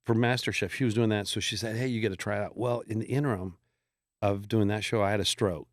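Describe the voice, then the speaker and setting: A man's voice: lowish voice, steady tone, quick pace, no room sound, studio quality. A middle-aged man, a podcast guest telling long rambling stories in casual chat and acting out the voices of people he quotes. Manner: rambling storyteller who acts out quoted voices.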